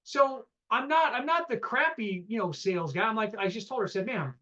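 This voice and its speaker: A man's voice: sits high, a little fast, bright, forceful tone, lo-fi sound. A man teaching a live real estate seminar, telling stories and acting out both sides of phone calls, often asking the room questions.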